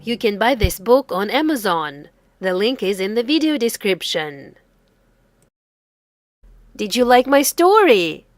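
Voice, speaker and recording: A woman reading her own children's story aloud, telling it slowly and expressively and asking the listening children questions. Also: mid-range voice. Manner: slow, expressive, sing-song storytelling for children. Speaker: storybook reader and author.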